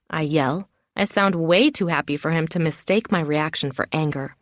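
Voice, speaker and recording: Expressive woman narrating a novel. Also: deep voice, moderate pace, hardly any pauses, no echo, studio quality. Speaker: audiobook narrator. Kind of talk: first-person novel narration.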